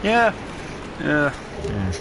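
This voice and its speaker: A man's voice: fairly high pitch, wildly swooping pitch, very slow, gravelly, noisy background. A man giving casual gameplay commentary, rambling and chatty with many ums and mild swearing. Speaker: gamer.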